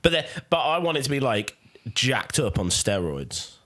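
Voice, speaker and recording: A man's voice: medium pitch, sing-song, normal speed, fairly bright tone. A man hosting a casual podcast chat, teasing and swearing as he laughs along. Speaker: podcast host.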